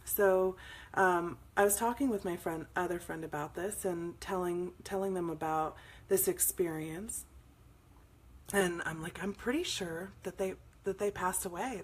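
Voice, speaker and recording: Breathy low-voiced woman telling stories. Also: measured pace. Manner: meandering storytelling, greets viewers by name. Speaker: spiritual show host. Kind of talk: casual spiritual talk to live viewers.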